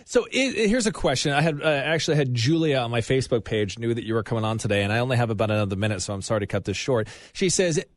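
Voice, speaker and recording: A man's voice: mid-range voice, lively intonation, no room sound. Upbeat man hosting a radio talk show. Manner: upbeat, rambling questions, quick wrap-ups.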